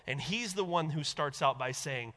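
Guy preaching, kinda high voice, chatty and animated, acts out the people he quotes, big echoey church hall. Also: moderate pace. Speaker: pastor. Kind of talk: sermon.

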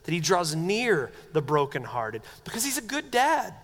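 A middle-aged male pastor preaches in an earnest, conversational way, his voice pitched notably high. He often sinks into soft, quiet tones for tender moments. A long reverb trails his words, as in a church sanctuary. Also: huge pitch swings, normal speed. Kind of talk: sermon.

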